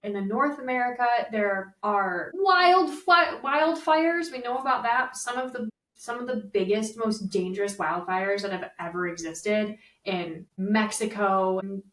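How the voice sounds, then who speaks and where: A young woman co-hosting a podcast, talking in an animated, chatty way with plenty of fillers. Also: medium pitch, unhurried. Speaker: podcast co-host. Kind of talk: casual chat. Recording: roomy, slightly distant mic.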